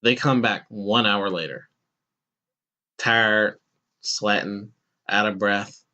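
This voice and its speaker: Speaking slowly, this podcast host relates a story casually, bringing quoted people to life with animated bursts of pitch. The audio is dull.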